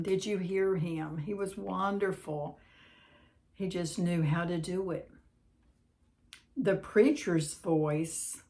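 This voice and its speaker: A woman hosting a devotional channel, reading a note aloud and then chatting in a gentle, unhurried way with pauses. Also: lowish voice.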